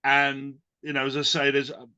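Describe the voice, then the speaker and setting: A man hosting an event panel, enthusiastic and halting, with many fillers. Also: medium pitch, monotone, sharp tone, smooth. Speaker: host.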